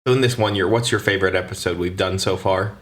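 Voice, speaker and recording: A man's voice: low voice, fairly even intonation, quick pace, fairly bright tone. A man hosting a casual chat podcast, easygoing and rambling, often stumbling and restarting. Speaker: podcast host.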